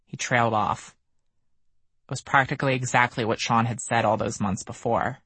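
A man reading his own memoir aloud as an audiobook, measured and somber. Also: mid-range voice, fairly even intonation, bright, forceful tone, slightly rough, dry recording. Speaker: memoir narrator. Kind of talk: audiobook narration.

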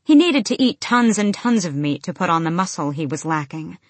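Low-voiced woman narrating a fantasy audiobook. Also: animated, normal speed, dry recording.

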